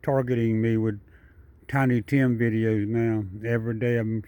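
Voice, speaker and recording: A man's voice: medium pitch, little pitch movement, moderate pace, mellow, clear, resonant tone, no room sound. A man's voice in a middle register, chatty and repetitive as he talks to a wild animal. He narrates casually outdoors at night. The sound comes from a handheld camera. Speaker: wildlife video maker.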